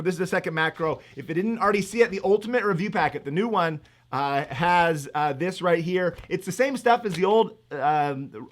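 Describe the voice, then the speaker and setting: A middle-aged man with a slightly high voice runs a live-streamed economics exam review. He's energetic and hyped, rambling with plenty of fillers.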